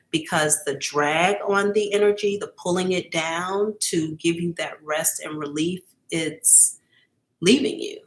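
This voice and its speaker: A woman giving a live-streamed psychic reading to her viewers. She talks casually and emphatically, keeps checking in with "okay?", and is earnest and openly emotional. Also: fairly low pitch. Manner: emotional, earnest, at times near tears. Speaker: psychic reader.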